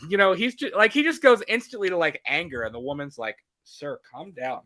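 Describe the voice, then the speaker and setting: A man with a fairly high, bright voice that swings widely in pitch talks through a film in casual podcast chatter. He laughs often and slips into quick impressions of the characters. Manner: animated, laughs often, acts out characters' lines. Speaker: podcast co-host. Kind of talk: casual movie commentary.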